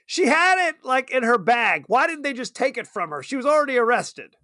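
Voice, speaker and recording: A man's voice: extremely high pitch, sing-song, brisk, bright, forceful tone, no echo, studio quality. A man co-hosting a podcast in casual chat, amused and chatty, laughing often as he talks about a movie. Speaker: podcast co-host.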